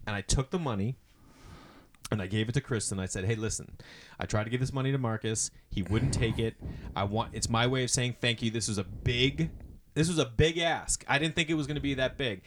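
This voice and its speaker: A man in a casual chat who tells his story with lots of animation. He jumps into the voices of the people he quotes, with sudden loud, profane outbursts, and his pitch sits in the middle of the usual range. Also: fairly quick, a little hiss or hum. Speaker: podcast co-host.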